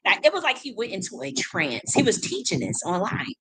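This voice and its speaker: A woman's voice: medium pitch, huge pitch swings, fairly quick, pushed and bright, slightly rough, poor audio. Woman just chatting to camera, rambly, lots of restarts and little laughs. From United States. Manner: rambling, repeats words, laughs often. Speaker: spiritual reader and channel host. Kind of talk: casual unscripted monologue.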